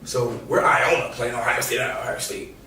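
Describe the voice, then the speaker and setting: A man's voice: mid-range voice, moderate pace. New guy telling a story in an echoey room. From New York. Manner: animated, slangy, profane, acts out quotes. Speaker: podcast guest, former college basketball player. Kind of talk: casual storytelling. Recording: echoey room, distant mic, faint noise.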